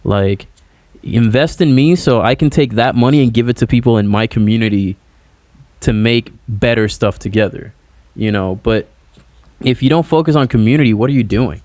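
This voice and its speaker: A man's voice: medium pitch, normal speed, a little mellow, dry recording. A man, a musician guest, chatting casually on a podcast over a remote call, rambling and filling his talk with "like" and "you know".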